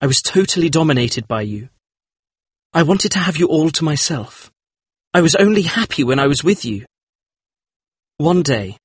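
Man acting devoted troubled painter, lively swooping delivery, dry close sound, audiobook drama. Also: a little high, husky, dry recording. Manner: pleading and sincere. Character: earnest, troubled male painter, devoted friend. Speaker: painter character.

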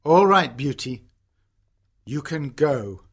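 A woman's voice: on the low side, sing-song, slow, a bit bright, breathy edge, full character voice. A woman voicing a sorrowful old father in a storybook reading, sad, pleading and tender. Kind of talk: storybook character voice.

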